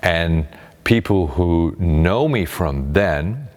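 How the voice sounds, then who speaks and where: A middle-aged man, a meditation teacher and former radio presenter, talks in a calm, unhurried way about his life, often restarting his sentences. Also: sits low, big-room sound. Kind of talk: reflective personal talk.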